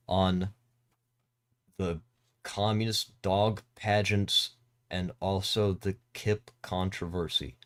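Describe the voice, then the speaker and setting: A man's voice: low-pitched, level tone, slow, no room sound. A man streaming a game, chatting casually, joking, swearing and laughing. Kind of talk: casual gaming stream chat.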